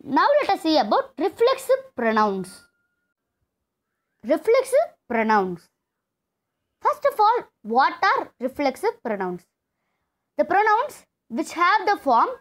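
A woman teaching an English grammar lesson, explaining step by step and repeating key terms. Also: very high-pitched. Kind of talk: classroom lesson.

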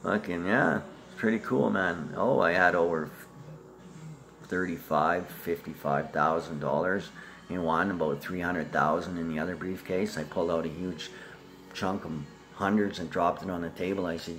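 Man, rambling profane monologue, lowish voice, skips from topic to topic. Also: moderate pace, a bit bright.

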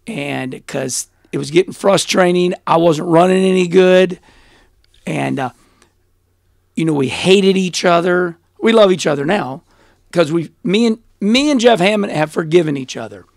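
A middle-aged man as an interview guest, telling stories in a blunt, animated way and laughing often. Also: high voice, normal speed, creaky, no room sound, studio quality. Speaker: interview guest, former race car driver. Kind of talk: casual storytelling interview.

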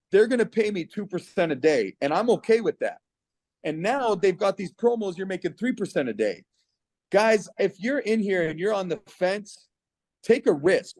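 A middle-aged man from Canada talks on a video call, earnest and persuasive, his fairly high voice catching with feeling. The sound is close and dry, with no room around it. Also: darkish tone, no echo. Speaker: guest giving a testimonial. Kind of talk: personal testimonial on a video call.

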